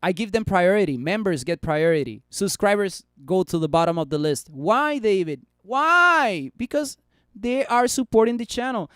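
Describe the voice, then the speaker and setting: A man with a high, smooth voice talks through stock charts in a loose, chatty way and banters with his viewers. The sound is close and dry. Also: animated, moderate pace, a bit bright, dry recording. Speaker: stock market streamer. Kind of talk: casual live stock analysis.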